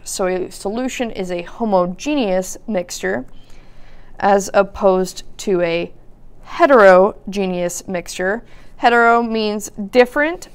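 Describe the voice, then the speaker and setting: A woman teaching a recorded high school chemistry lesson, explaining patiently with occasional fillers. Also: clear, resonant tone. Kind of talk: recorded lecture narration.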